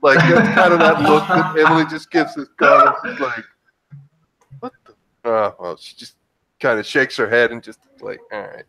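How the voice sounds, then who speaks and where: A man's voice: on the high side, steady tone, moderate pace, bright, forceful tone. A man playing in a tabletop game, describing his character with many hesitations. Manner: hesitant, joking, filler-heavy. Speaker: player. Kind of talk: casual tabletop play.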